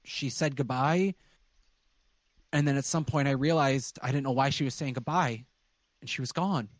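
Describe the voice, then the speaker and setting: A man's voice: mid-range voice, dry recording, close to an everyday voice. A man voicing a dazed, grieving mother. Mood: dazed grief. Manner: halting, trailing off.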